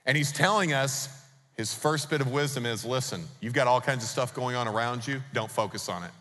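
A man's voice: medium pitch, brisk, fairly bright tone. Emphatic male pastor in a reverberant hall. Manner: emphatic, poses rhetorical questions to the congregation. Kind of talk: sermon. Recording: long reverb of a large hall.

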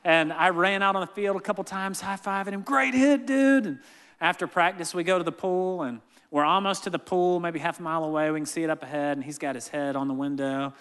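Bright-voiced man preaching in a reverberant hall. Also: fairly high pitch, fast talker, clean tone. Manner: animated storytelling, acts out family members' voices. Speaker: pastor. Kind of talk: sermon with family stories.

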